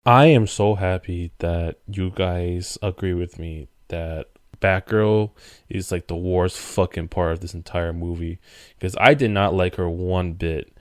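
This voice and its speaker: A man's voice: sits low, steady tone, measured pace, no echo, studio quality. A man co-hosting a casual podcast, speaking in an emphatic, passionate way. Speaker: podcast co-host.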